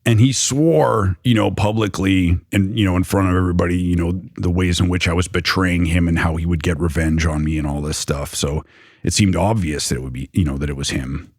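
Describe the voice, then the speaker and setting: A man's voice: deep voice, fairly even intonation, a little fast, a little mellow, no room sound, studio quality. A young man recounting a personal story in loose, rambling conversation, full of fillers. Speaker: storyteller recounting his past.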